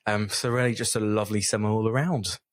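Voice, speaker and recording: A man's voice: on the low side, fairly even intonation, fast talker, dry recording, studio quality. A man hosting a casual podcast chat, jokey and playful as he leads the talk. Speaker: podcast host.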